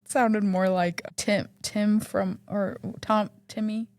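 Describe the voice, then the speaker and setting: A woman co-hosting a casual church conversation, chatty and quick to laugh. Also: mid-range voice, little pitch movement, a little mellow, dry recording, studio quality. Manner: chatty, laughs often, rambling. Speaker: co-host. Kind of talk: casual conversational Bible discussion.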